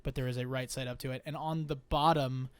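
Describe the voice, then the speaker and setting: A man's voice: mid-range voice, fairly even intonation, fast, clean tone, no room sound. A man running a tabletop game as game master, describing scenes in a rambling way full of fillers.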